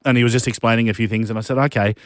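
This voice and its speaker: Frank Australian radio host, dry studio sound. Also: male voice, mid-range voice, little pitch movement, racing, no echo. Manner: frank, exasperated, repeats himself. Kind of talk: casual radio chat. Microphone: studio microphone.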